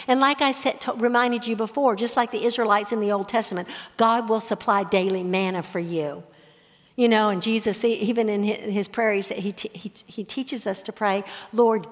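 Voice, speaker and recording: Animated woman teaching in an echoey hall. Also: a little high. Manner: conversational, animated, with laughs and acted-out examples. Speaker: Bible teacher. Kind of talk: Bible study teaching. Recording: echoey hall with long reverb.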